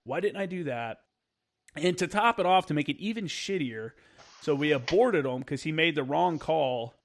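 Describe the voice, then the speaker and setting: A man's voice: fairly high pitch, animated, vocal fry. A man, a former Marine, telling candid war stories as a podcast guest, swearing freely and acting out old radio calls. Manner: halting with many fillers. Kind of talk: casual war story telling.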